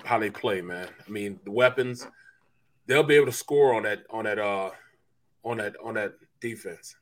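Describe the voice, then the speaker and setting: A man co-hosting a sports talk show, relaxed and stumbling through restarts. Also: on the low side, normal speed. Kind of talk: casual sports chat.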